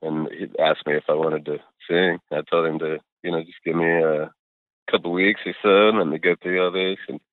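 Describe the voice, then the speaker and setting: A middle-aged man with a deep, low voice chats in a laid-back, rambling way, full of fillers and cuss words. He comes through a thin, phone-like remote line with no room sound at all. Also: steady tone, brisk, dry recording. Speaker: guest musician. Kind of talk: casual interview chat over a call.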